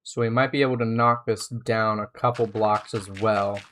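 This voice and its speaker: A man's voice: on the low side, steady tone, moderate pace, a bit bright. A man live-streaming a building game, chatting casually and thinking aloud as he plays.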